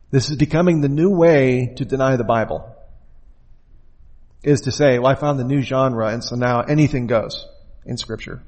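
A man's voice: mid-range voice, a little mellow, big-room sound. A man giving an informal lecture as a Bible teacher, talking conversationally and putting rhetorical questions to his listeners.

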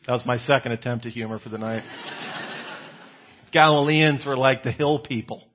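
A man preaching a conversational sermon, acting out quoted lines with sudden rises in pitch and volume. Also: moderate pace, highs cut off, slight background noise.

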